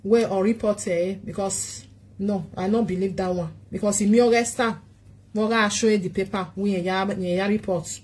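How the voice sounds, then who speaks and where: Husky Nigerian woman pleading. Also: medium pitch, fairly even intonation, moderate pace, a little mellow. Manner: pleading, repeats short questions. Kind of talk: casual pleading monologue.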